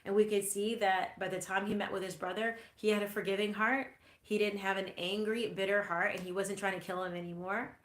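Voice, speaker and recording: A woman's voice: medium pitch, flat delivery, brisk, hardly any pauses, a bit bright. A woman hosting a faith podcast, teaching from the Bible in an earnest, reflective way. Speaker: podcast host teaching scripture. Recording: roomy echo.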